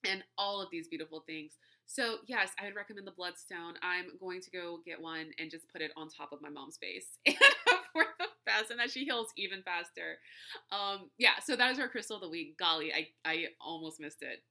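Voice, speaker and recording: A woman's voice: fairly low pitch, fairly quick, few pauses, pushed and bright. A woman hosting her own podcast, talking casually and effusively straight to her listeners, laughing often and dropping in slang like y'all. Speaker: podcast host. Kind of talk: casual solo podcast chat.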